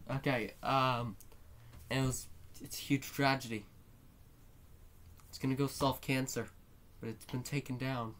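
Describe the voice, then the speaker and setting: A man's voice: medium pitch, steady tone, moderate pace, pauses often, fairly bright tone. A man with a cold and a stuffy nose, rambling in a mock-serious, mournful way and swearing a lot in a casual vlog. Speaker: YouTuber.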